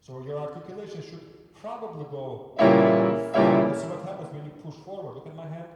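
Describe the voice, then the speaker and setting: A man's voice: a little high, moderate pace. Man coaching piano in an echoey hall. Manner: patient, repeats short prompts like look and yes. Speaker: piano teacher. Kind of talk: remote piano masterclass coaching. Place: room with a piano. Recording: echoey hall, mic far off, loud piano. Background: piano playing.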